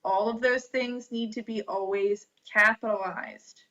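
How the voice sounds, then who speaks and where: A woman gives a grammar lesson at a very unhurried pace, pausing between each item and spelling words out letter by letter. Her voice has a bright, crisp edge. The recording sounds dull and lo-fi. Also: on the high side, steady tone. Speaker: teacher. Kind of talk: slow classroom lecture on grammar.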